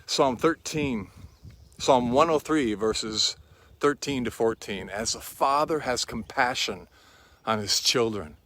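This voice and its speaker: A man preaching a sermon in a slow, reflective and quietly earnest way. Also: mid-range voice.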